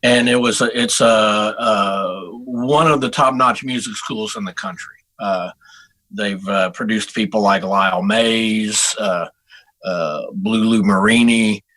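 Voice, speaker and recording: A middle-aged man from Texas chats easily as a guest musician, circling back and restarting his sentences as the stories come. His voice has a bright, forward ring. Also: lowish voice, takes it slowly, rough recording. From Houston, Texas. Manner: relaxed storyteller with frequent restarts. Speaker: guest saxophonist. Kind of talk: casual interview chat.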